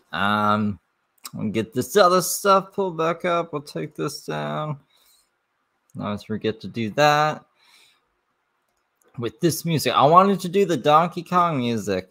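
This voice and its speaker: Brief: male streamer, lowish voice, offhand rambling commentary. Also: vocal fry, pushed and bright. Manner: rambling, offhand, low-key. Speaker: livestream host. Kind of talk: casual live-stream commentary.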